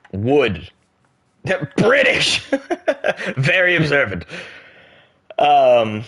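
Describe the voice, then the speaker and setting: A young American man streaming a game, joking, reacting out loud and chatting casually with his viewers. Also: on the high side. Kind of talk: casual chat while gaming.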